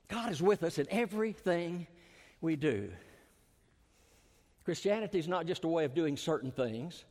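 A man preaching a sermon as a pastor, swinging his voice up for emphasis and dropping it low and slow at the ends of phrases. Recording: long hall reverb.

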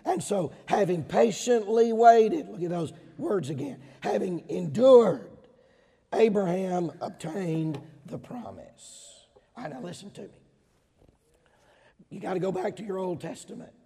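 A middle-aged man with a Southern accent preaches a sermon in a high, mellow voice with a husky edge. He hammers key words loudly, then drops into quiet asides. The sound rings with the long reverb of a large hall. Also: expressive, measured pace. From Georgia, US. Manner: emphatic, swings between loud stresses and dropped asides.

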